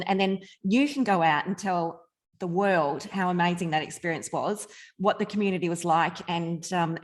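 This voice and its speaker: Heartfelt woman speaking on a video call. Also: on the low side. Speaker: team member making an announcement. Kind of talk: casual video call speech.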